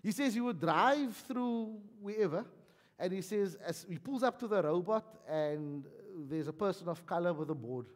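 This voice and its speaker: A South African man preaching a sermon in a lively, conversational way with touches of humor, recorded in a church hall. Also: high-pitched, moderate pace. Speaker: pastor. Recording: long hall reverb.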